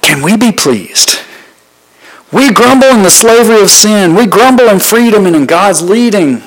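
A man's voice: sits high, animated, normal speed, poor audio. A man preaching a sermon, reading scripture verses and asking the listeners questions, stressing his points with short repeated phrases. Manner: asks the listeners rhetorical questions; emphatic repetition of short phrases.

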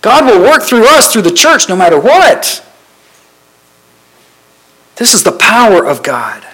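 Heard on a low-quality recording, a man with a high, fairly bright, breathy voice delivers a sermon at a measured pace, his pitch swinging enormously. He reads verses of scripture, throws rhetorical questions at his listeners, and stresses ideas through emphatic repetition of short phrases.

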